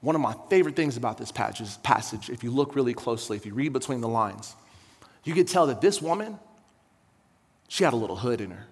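Man preaching a lively, joking sermon in a hall. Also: medium pitch, a little fast, husky. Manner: humorous, conversational preaching that builds to shouted intensity. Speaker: pastor. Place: church sanctuary.

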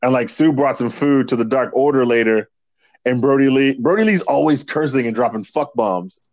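A man's voice: mid-range voice, normal speed. A man co-hosting a casual podcast, retelling wrestling segments in a loose, profane way and acting out the people he quotes. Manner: profane, animated retelling with impressions. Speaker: podcast co-host. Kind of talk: casual chat.

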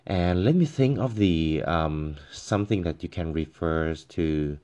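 A male language teacher patiently explaining tones, halting with frequent fillers and demonstrating each tone by voicing syllables and musical notes. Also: deep voice, lively intonation, a little mellow. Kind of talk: tone pronunciation lesson.

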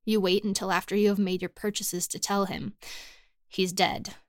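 A woman narrating a short story for a podcast in a measured, even storytelling manner. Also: mid-range voice, dry recording, clean studio sound. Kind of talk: scripted fiction narration.

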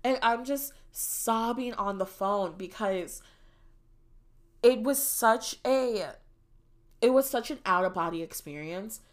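A young woman hosting a podcast, telling a personal story in a casual, animated and dramatic way. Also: mid-range voice, takes it slowly, long pauses. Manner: animated and dramatic, shrieks when reliving moments. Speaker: podcast host.

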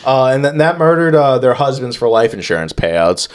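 A man's voice: mid-range voice, very animated, normal speed. Podcast co-host, male, New Yorker, raunchy riffing banter while laying out the case. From New York. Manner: crude, profane, joking, riffing on the story. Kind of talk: casual comedic podcast chat.

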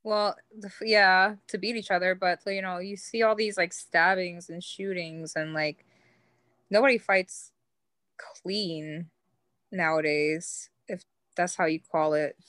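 A woman's voice: fairly low pitch, fairly even intonation, a little slow, fairly bright tone, smooth, dry recording. Young New York woman, filler-heavy storyteller. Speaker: podcast guest. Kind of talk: casual chat.

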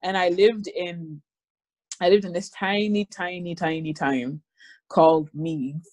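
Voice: medium pitch, steady tone, takes it slowly, a little mellow, no room sound. A young person from Ireland with a mixed Irish and British accent, asking questions in a casual, rambling conversation. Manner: rambling, self-correcting. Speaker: interviewer.

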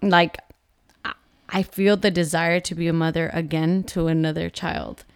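Smooth-voiced woman sharing candidly. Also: lowish voice, level tone, moderate pace, no echo, clean studio sound. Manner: earnest and open, with frequent fillers. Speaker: vlog co-host, mother. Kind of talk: candid personal vlog talk.

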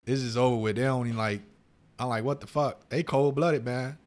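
A man's voice: mid-range voice, fairly even intonation, a little fast, darkish tone. A man co-hosting a podcast, telling loose, profane stories in casual chat and acting out quoted voices. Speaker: podcast co-host.

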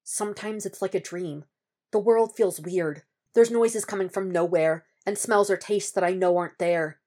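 A woman's voice: medium pitch, moderate pace, mellow, close to an everyday voice. Woman reading as a guarded, strained blind man. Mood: troubled. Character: troubled young blind male lawyer.

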